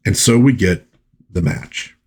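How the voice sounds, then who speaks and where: A man's voice: lowish voice, unhurried. A man hosting a comic book review show who narrates the story casually, reads panel dialogue aloud and breaks off for chatty asides. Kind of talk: casual commentary.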